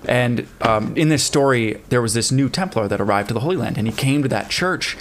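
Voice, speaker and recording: Casual male podcast co-host, mid pitch, easygoing storyteller. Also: brisk, slight background noise. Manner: relaxed storytelling with fillers and laughs. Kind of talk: casual history chat.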